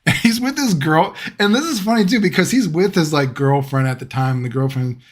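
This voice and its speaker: A young man with a voice pitched a little high tells a story on a live stream. He is casual and animated, and he keeps breaking into laughter as he goes. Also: brisk. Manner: animated, laughs often through his telling, casual swearing.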